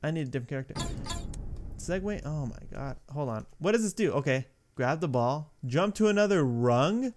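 A young man giving casual, rambling gameplay commentary, excitable and breaking into yelps and shrieks when a level goes wrong. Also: on the high side, brisk. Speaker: gaming YouTuber.

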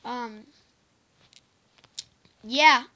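A woman's voice: fairly high pitch, extremely slow, bright, forceful tone, dull audio. A female vlogger chatting casually to the camera, giggly and apologetic, rambling with lots of fillers. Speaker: vlogger teaching softball cheers.

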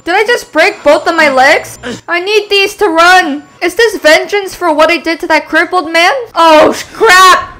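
A woman's voice: very high voice, measured pace, a little hiss or hum. A young woman gamer commenting on a horror game, screaming at scares and jokingly taunting the monsters. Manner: screams and shrieks, jokey taunting of enemies. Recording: voice over loud game music.

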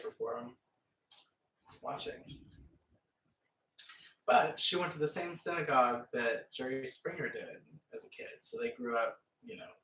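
A man's voice: mid-range voice, sharp tone, slight background noise. A man chatting casually and rambling as he paints, with frequent laughs. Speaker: painting vlogger. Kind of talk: casual chat while painting. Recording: echoey room, mic far off.

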